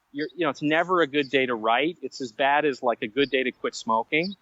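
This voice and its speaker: A man telling stories as a podcast guest, animated and self-mocking, drifting into side stories. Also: mid-range voice, brisk, dry recording, highs cut off. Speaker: guest writer. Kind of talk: conversational storytelling.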